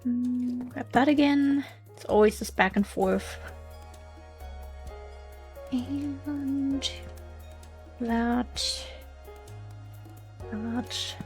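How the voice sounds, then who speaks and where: A woman's voice: high voice, very slow, creaky, long pauses, a little mellow, faint music behind. A woman with a slight German accent, thinking aloud as she hosts a casual gameplay commentary, musing and hesitant. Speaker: let's play host.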